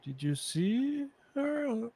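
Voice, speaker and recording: A man with a Brazilian Portuguese accent playing a tabletop game, speaking haltingly as he searches for English words. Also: very high-pitched, very animated, warm tone, husky, no room sound. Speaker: player.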